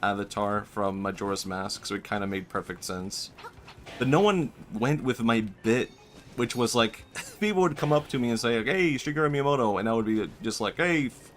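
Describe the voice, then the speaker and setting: A man's voice: on the low side, normal speed. A man streaming a video game, chatting casually, joking, laughing often and dropping his own bits. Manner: rambling, jokey, laughs often, abandons bits. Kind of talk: casual gaming stream commentary.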